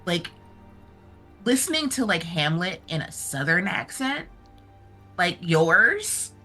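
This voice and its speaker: A woman's voice: lowish voice, sing-song, slow, pushed and bright, soft background music. A woman playing a tabletop game in character, rambling loosely with many fillers. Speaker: player.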